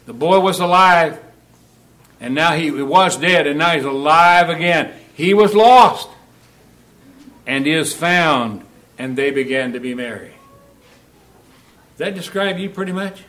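A man preaching a sermon in a church, shifting between loud, emphatic Bible reading and quiet, direct questions to the congregation. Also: a little high, unhurried.

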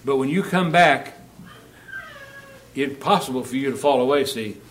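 There's slight background noise as a man of medium pitch delivers a church sermon at normal speed. Sometimes he reads the Bible loudly and emphatically; other times he quietly asks the congregation direct questions.

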